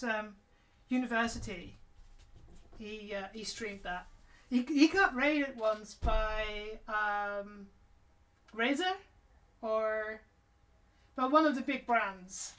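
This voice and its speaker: A chatty woman with a light, bright voice pitched a little high, talking in a mixed British-American accent with Mancunian traces. She rambles and trails off as she crafts cosplay armour on her live stream. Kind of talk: casual chat while crafting on stream.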